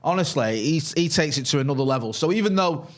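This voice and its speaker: A man's voice: a little high, animated, quick pace. A man in early adulthood co-hosting a casual live fan chat. He tells stories and keeps tagging his lines with "right?". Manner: chatty storyteller, tags lines with "right?". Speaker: co-host of a fan channel.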